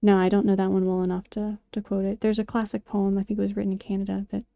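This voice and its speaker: A woman's voice: medium pitch, completely flat delivery, quick pace, vocal fry, mellow, no room sound, lo-fi sound. A woman vlogger chatting casually and rambling, with many fillers and restarts. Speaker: craft and poetry vlogger. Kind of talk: casual chat while sculpting.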